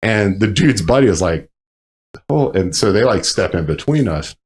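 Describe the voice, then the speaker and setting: A man, a Marine veteran, telling stories in casual chat, profane and animated with loud bursts. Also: lowish voice, moderate pace, a little hiss or hum. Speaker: podcast guest, Marine veteran.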